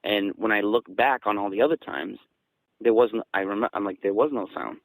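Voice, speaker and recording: Man excitedly retelling a scary night. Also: a little fast, creaky, dry recording, poor audio. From southeastern Massachusetts. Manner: excited, gets louder and higher when quoting. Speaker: guest recounting an encounter. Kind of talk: casual storytelling.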